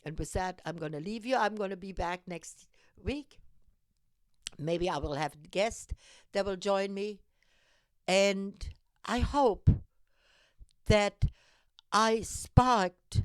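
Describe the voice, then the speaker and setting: A woman's voice: mid-range voice, animated, slow, pauses often, no echo. A woman hosting her own show, giving an impassioned monologue that urges listeners to get engaged. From Europe. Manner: urgent, exhorting, emphatic repetitions. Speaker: host of a civic call-to-action show. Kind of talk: impassioned direct-to-camera monologue.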